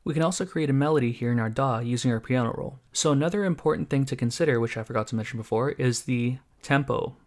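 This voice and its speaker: A man teaching music production basics in a calm, methodical tutorial, explaining each step. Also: medium pitch, quick pace, hardly any pauses. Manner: calm, methodical, walks through each step while playing examples.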